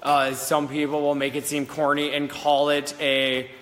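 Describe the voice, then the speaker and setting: A man's voice: fairly high pitch, completely flat delivery, unhurried, in a large hall, heavy background noise. A man working as a psychic medium, telling a story casually to camera in a rambling, giggly way with many fillers and restarts. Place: old schoolhouse in the country, indoors.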